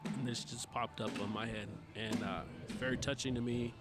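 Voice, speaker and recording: A man's voice: mid-range voice, fairly even intonation, normal speed, music in the background. A man, a guest on a talk show, chatting casually and animatedly, acting out bits of dialogue as he tells a story. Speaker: podcast guest, cornhole player.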